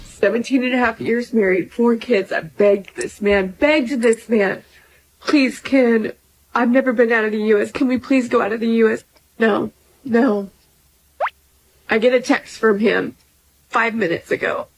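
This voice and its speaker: A woman's voice: on the high side, steady tone, a little slow, a little hiss or hum, rough recording. A woman in her forties venting to camera in a hurt, bitter way about her husband. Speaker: woman in a viral clip.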